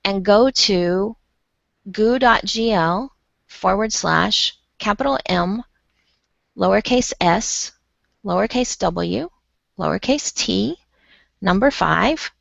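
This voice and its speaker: Gravelly-voiced enthusiastic woman presenter. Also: medium pitch, slow pace, no echo. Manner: enthusiastic, effusive. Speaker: host and presenter. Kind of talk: online conference session. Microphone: video call. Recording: dull, dry video call audio.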